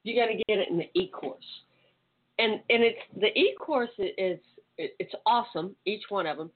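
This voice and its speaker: A woman's voice: mid-range voice, moderate pace. A woman with a Louisiana accent, chatting loosely as a guest on a call-in show, laughing easily. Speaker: guest, sex educator. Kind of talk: casual chat. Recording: tinny phone line.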